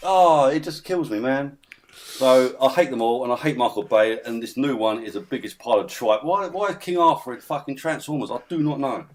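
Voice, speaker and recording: A man's voice: medium pitch, animated, brisk, slight background noise. Ranting man on a podcast. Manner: ranting, swears a lot, laughs mid-rant. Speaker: podcast guest. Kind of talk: casual podcast chat.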